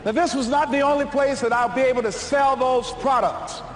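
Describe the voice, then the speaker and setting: A man's voice: very high-pitched, fairly even intonation, normal speed, slight background noise. A man giving a motivational speech to a live audience, telling stories emphatically with humorous asides, recorded in an echoey hall. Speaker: motivational speaker.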